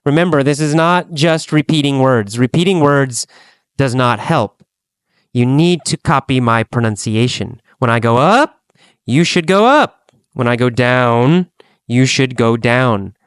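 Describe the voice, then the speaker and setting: A man teaching an English lesson, speaking slowly and deliberately and repeating phrases for learners to copy. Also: medium pitch, clear, resonant tone, no room sound. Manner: slow, deliberate, repetitive drilling.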